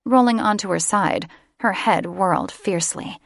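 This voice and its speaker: A woman audiobook narrator giving steady, scripted fantasy narration close to the microphone. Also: mid-range voice, normal speed, gravelly, no room sound. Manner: steady storytelling. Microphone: close studio microphone.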